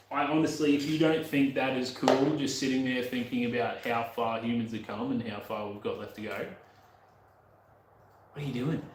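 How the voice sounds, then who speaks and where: A man's voice: mid-range voice, reverberant, a little hiss or hum, poor audio. A young man casually talking while working on his motorbike, rambling and muttering to himself with the odd swear.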